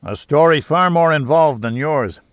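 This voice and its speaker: A man's voice: fairly high pitch, animated, unhurried, no echo. A man reading the part of a stern, authoritative older admiral in a story, speaking in a clipped manner. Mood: relieved. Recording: dry, slightly dull lo-fi sound.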